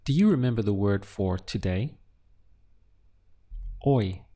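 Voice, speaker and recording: A man teaching a beginner language lesson, drilling words syllable by syllable with patient pauses. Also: fairly low pitch, lively intonation, dark tone. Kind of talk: slow, deliberate language lesson.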